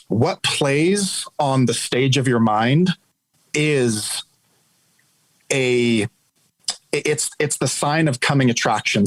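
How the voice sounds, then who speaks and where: A man with a husky, slightly breathy voice speaks as an interview guest. He tells a story in an earnest, explanatory way. The sound is dry and close, with no room echo. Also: medium pitch. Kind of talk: conversational storytelling.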